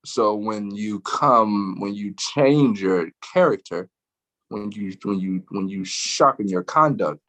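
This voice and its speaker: A man co-hosting a casual podcast, musing aloud in drawn-out phrases. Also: on the low side, animated, fairly bright tone. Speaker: co-host.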